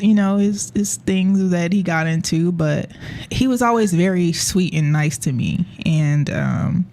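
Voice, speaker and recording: A woman hosting a casual radio talk show, speaking with hesitations and affirming her guest. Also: on the low side. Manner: soft-spoken, hesitant with fillers, affirming listener. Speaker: host.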